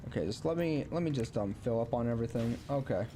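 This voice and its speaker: A young man chatting casually while streaming a game, rambling and halting with lots of ums and restarts. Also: mid-range voice, animated, mellow. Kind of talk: casual gameplay chat. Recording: faint game noise behind.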